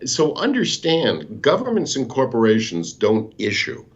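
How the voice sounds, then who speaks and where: A man guiding listeners through charts on a live show, patient and teacherly. His voice is slightly husky and moves up and down a lot. The call audio sounds dull and lo-fi. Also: mid-range voice, wildly swooping pitch, unhurried. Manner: patient, teacherly, explains step by step. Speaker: guest bond market expert. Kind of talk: explaining charts in a live talk.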